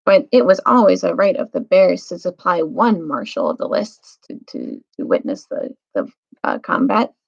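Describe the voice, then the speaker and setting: A drowsy old bear from a storybook, slow and hesitant, with a thick voice and a gravelly edge, as a woman reads him. The recording is dull and lo-fi. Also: lowish voice, wildly swooping pitch, no room sound, exaggerated voice. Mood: sleepy.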